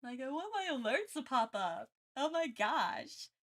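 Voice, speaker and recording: With a high-sitting voice and a measured pace, this art streamer chats casually with her livestream audience. She's excitable and tends to ramble, often restarting what she's saying.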